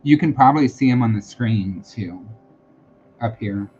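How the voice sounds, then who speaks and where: A man's voice: lowish voice, measured pace, darkish tone. A man hosting a live-streamed tarot and psychic reading, talking casually and reassuringly with lots of fillers and repeated phrases. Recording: dull lo-fi sound with faint background noise.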